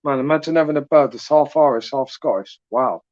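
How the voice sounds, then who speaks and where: A man's voice: on the high side, brisk, darkish tone, no echo. Chatty lo-fi southern English man. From England. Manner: chatty, teasing, rambling. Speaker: livestream host. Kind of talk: casual live chat reading comments. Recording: dry, dull lo-fi sound.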